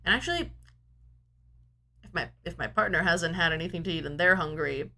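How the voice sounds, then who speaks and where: A woman's voice: fairly low pitch, brisk, gravelly, sharp tone. A woman game streamer at home, chatting casually into a desk microphone in a rambling, talkative, self-mocking way. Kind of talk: casual chat.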